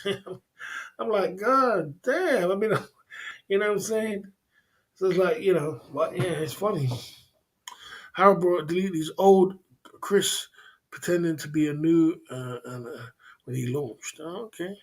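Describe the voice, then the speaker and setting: A man's voice: high voice, unhurried, pauses often, darkish tone. A man hosting a casual livestream, rambling and laughing a lot, with plenty of slang. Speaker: livestream host.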